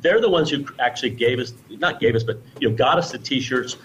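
A man's voice: mid-range voice, expressive, fairly quick, fairly bright tone, a little hiss or hum, rough recording. A man, a guest on a radio show, chatting casually and effusively, rambling with restarts and praise. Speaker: guest presenting T-shirts.

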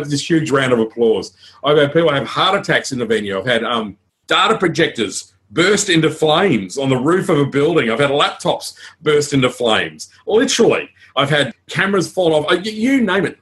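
A man with an Australian accent gives a conference talk on public speaking, frank and energetic, full of asides and stories. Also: fairly high pitch.

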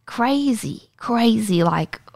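Animated woman telling a story. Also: a little high, takes it slowly, gravelly, no echo. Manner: animated, acts out voices in stories. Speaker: podcast co-host. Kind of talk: casual chat, storytelling.

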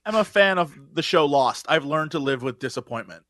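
A man's voice: a little high, lively intonation, brisk, fairly bright tone, dry recording. A man co-hosting a podcast, chatting casually and animatedly, acting out quotes in mocking voices. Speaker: podcast co-host. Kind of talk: casual chat.

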